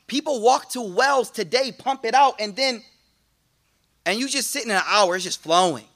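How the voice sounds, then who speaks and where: A man giving a lively religious talk to a congregation, slangy and casual, with frequent restarts and playful asides. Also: extremely high pitch, moderate pace. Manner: animated, playful preaching. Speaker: Islamic teacher.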